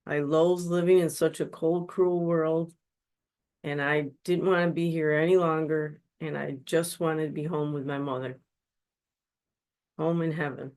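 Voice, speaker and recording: A woman's voice: deep voice, steady tone, unhurried, a little mellow. A woman giving an earnest personal testimony as a guest speaker at a webinar, telling her story in a confessional way. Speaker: guest speaker, spiritual counselor. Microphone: webinar microphone.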